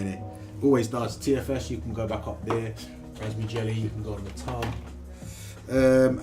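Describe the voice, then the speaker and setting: Excitable, swearing man. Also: mid-range voice. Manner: chatty, excitable, swears freely. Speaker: live-stream host. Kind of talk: casual live-stream chat. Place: home kitchen.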